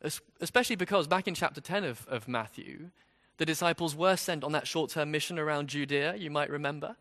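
A man's voice: fairly high pitch, brisk, fairly bright tone, in a large hall. A man preaching an expository sermon in a conversational way, with rhetorical questions.

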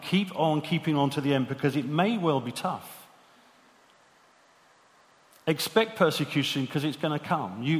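Male preacher, mid-pitched, earnest sermon delivery, long hall reverb. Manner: earnest, many rhetorical questions.

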